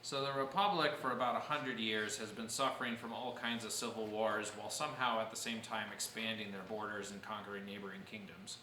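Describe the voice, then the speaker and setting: Bright-voiced man teaching history class. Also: on the low side, steady tone, a little fast, few pauses, reverberant, slight background noise, poor audio. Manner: explanatory, answers questions patiently. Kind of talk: church history class lecture.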